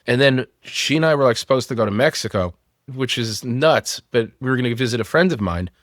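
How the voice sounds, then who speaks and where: A man in his thirties talks candidly on a podcast, sharing hard-won lessons with blunt, salty language. His voice sits at an ordinary middle pitch. The sound is close and dry, with no room around it. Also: expressive, a little fast, fairly bright tone, no echo. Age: 30s. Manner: frank, swears freely, storytelling. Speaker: company founder.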